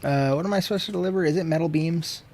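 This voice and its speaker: An American gamer talks fast in a slightly mellow voice during a casual livestream. His chatter is profane and rambling, occasionally dropping into low murmurs and whispers.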